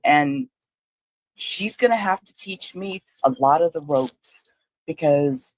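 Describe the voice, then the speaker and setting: A motherly woman co-hosting a livestream, chatty and emotional, her throat catching so she keeps clearing it. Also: deep voice, takes it slowly, darkish tone, no echo, rough recording. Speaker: livestream co-host. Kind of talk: casual livestream chat.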